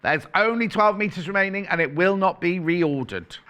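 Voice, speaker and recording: A man's voice: high voice, moderate pace, sharp tone, smooth. A man presenting on a shopping channel, chatting playfully in live sales patter, correcting himself and reading out prices as he goes.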